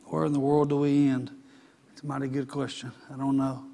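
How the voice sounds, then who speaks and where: A man's voice: medium pitch, little pitch movement, a little fast, dark tone. A man preaching a sermon in a folksy, conversational way.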